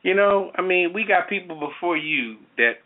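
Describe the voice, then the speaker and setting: A man's voice: high voice, lively intonation, normal speed. Rambling talk show host man. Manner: rambling, full of "you know" and restarts. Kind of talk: casual chat. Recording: tinny phone-like sound.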